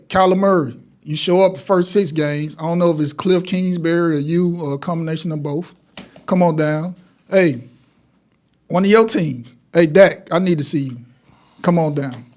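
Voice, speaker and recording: A man hosting a casual sports talk show, playfully calling out names from his list like a game-show announcer. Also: fairly high pitch. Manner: animated, playful list-reading with announcer calls.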